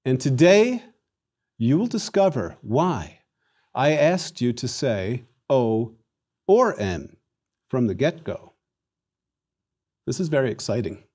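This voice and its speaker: In a recorded Latin lesson, an animated, theatrical man leads the class in repetition drills. His voice is medium-pitched, and he speaks slowly with long pauses.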